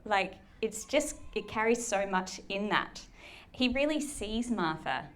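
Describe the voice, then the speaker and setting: A woman's voice: mid-range voice, lively intonation, a little slow. A woman preaching a sermon in a conversational, chatty way, acting out quoted lines playfully. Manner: conversational, chatty, with lots of fillers.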